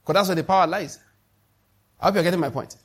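A husky, high-sitting male voice comes from a middle-aged pastor with a Nigerian accent who talks fast. His emphatic sermon circles back on key lines and puts questions to his listeners.

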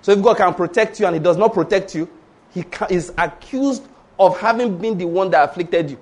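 High-pitched guy preaching, emphatic, tells stories, asks the crowd questions. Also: a little fast. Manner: storytelling, emphatic, rhetorical questions. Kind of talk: sermon.

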